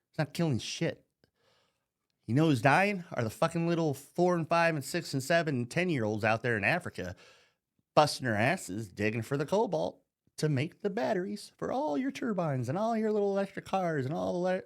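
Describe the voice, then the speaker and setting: A middle-aged American man ranting heatedly, mocking and swearing constantly. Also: fairly high pitch. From United States. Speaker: vlogger. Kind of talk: profane political rant.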